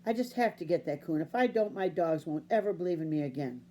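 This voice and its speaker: A woman's voice: lowish voice, lively intonation, quick pace, mellow. A woman voicing a determined young country boy in a storybook reading, speaking earnestly. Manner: earnest and pleading.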